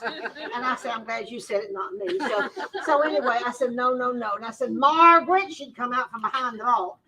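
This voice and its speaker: Woman, storyteller, high and bright, mic a bit far off. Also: normal speed, creaky, a crowd in the background. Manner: Southern-style folksy talk, laughing through her story. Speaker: sewing teacher and storyteller at a store event. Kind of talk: animated storytelling to a live audience.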